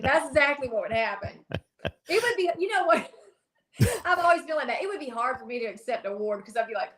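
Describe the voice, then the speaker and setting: High-voiced bubbly Southern woman. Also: sing-song, fairly quick, reverberant, crowd noise. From South Carolina, USA. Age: young adult. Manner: bubbly, gushing, laughs often. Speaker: country singer guest. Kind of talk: casual interview chat.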